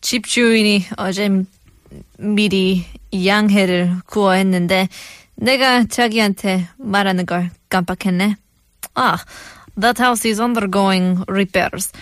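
A woman voicing a calm spouse in a skit, reading example dialogue in a playful put-on Russian accent. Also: mid-range voice, rapid-fire, no room sound, clean studio sound, voice pushed down, close to an everyday voice. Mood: reassuring. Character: calm spouse explaining the repairs upstairs. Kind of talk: role-played example dialogue.

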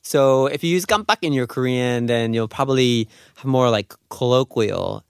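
A man's voice: medium pitch, fairly quick, vocal fry, clean tone, dry recording, studio quality. A man hosting a radio language lesson in an upbeat, casual, chatty way. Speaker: radio host and Korean teacher. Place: radio studio.

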